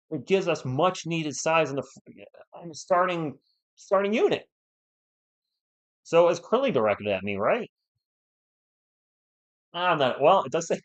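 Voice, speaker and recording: A man from New England hosting a live sports stream, giving play-by-play and answering viewers in an excitable, fired-up way. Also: on the high side. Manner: excitable, fired-up, talks straight to chat viewers. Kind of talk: live play-by-play commentary and chat replies.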